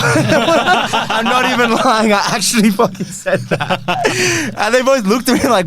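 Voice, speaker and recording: A man's voice: high voice, very animated, normal speed, few pauses, a bit bright. A young man, a football kit store owner, telling a long story in casual chat, laughing and acting out his own reactions.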